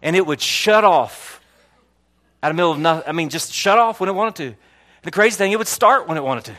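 Speaking fast in a high voice, this Florida pastor preaches and shares a personal story. He's animated throughout, repeating words frequently and swinging from loud to hushed.

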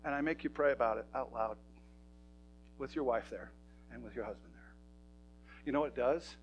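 A man's voice: medium pitch, normal speed, highs cut off, soft background music. A man preaching a sermon in a church, talking to his congregation in an emphatic, conversational way. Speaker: pastor.

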